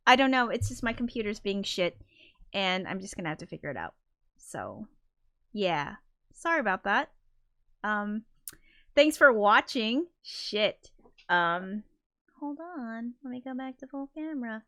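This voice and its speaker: A woman's voice: mid-range voice, animated, measured pace, fairly bright tone. A woman composer closing her live stream in casual chat, apologetic and flustered, swearing a lot and laughing often. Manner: laughs often between words. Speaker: composer and livestreamer.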